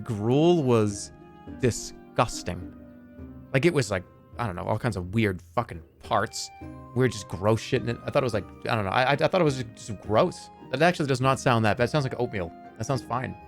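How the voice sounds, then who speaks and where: A middle-aged man gives playful, animated game commentary, his pitch leaping around as he jokes and swears casually. He has a soft bed of music running faintly underneath him. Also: moderate pace, gravelly. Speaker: streamer.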